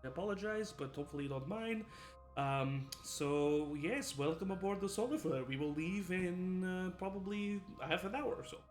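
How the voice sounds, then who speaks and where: A woman's voice: on the low side, normal speed, soft background music, pitched above the performer's own voice, close to an everyday voice. A man doing a chatty, cheerful ship captain woman. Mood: welcoming. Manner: bubbly, rambling, warmly apologetic.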